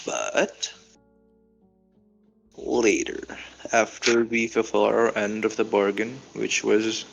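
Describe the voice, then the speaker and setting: A man playing a tabletop game on a stream, speaking hesitantly with many pauses and fillers. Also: lowish voice, little pitch movement, creaky, muffled recording, faint music behind. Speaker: player.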